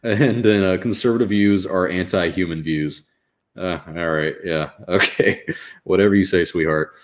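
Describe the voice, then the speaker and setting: A man's voice: deep voice, steady tone, moderate pace. A young man hosting a live reaction stream, talking casually in a rambling, wry way with lots of fillers. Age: young adult.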